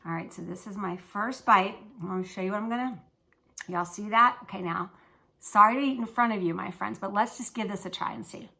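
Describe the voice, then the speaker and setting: A woman's voice: mid-range voice, fairly quick, creaky, pushed and bright. A woman hosting a casual cooking show from her home kitchen, chatty and folksy, talking straight to her viewers.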